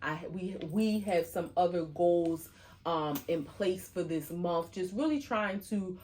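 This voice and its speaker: A woman co-hosting a podcast in casual chat, talking in a chatty, animated way with lots of fillers. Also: on the low side, slow. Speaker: podcast co-host.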